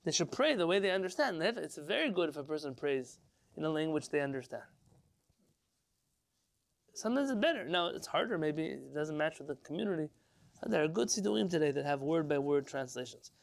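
A man teaching an informal religious class as a rabbi, lively and rhetorical, putting questions to his listeners. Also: on the high side, fairly quick, vocal fry. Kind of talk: informal Torah lesson to a live class.

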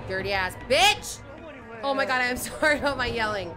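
A young adult woman streaming a horror game, reacting loudly and swearing freely between yelps. Her voice is high and bounces around a lot. Game music plays clearly behind her. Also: expressive, moderate pace. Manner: loud, swearing, yelps and screams. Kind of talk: live gameplay commentary.

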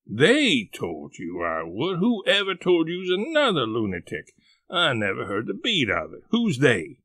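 A man's voice: medium pitch, wildly swooping pitch, a little slow, fairly bright tone, no room sound, heavily acted. A man voicing a fiery older Southern aunt, scolding and exclamatory, in a reading of a novel. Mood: indignant.

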